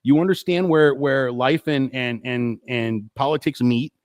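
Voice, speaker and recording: A man's voice: medium pitch, unhurried, darkish tone, no room sound, studio quality. A man hosting a live stream, ranting in a profane, exasperated and rambling way. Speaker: host.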